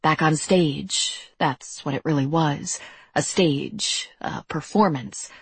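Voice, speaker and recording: Woman, audiobook narration, measured delivery, low husky voice, dry close recording. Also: no echo. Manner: measured, deliberate storytelling.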